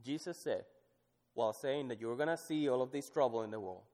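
A man's voice: mid-range voice, fairly quick. Man preaching in a reverberant hall. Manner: swings from loud emphatic scripture reading to soft, hushed asides. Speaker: pastor. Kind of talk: sermon.

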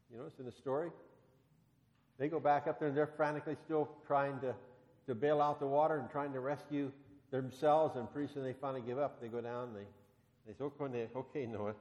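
A man preaching a sermon, retelling a story in a conversational, storytelling way and getting animated when he voices the characters. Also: mid-range voice, big-room sound, dull audio.

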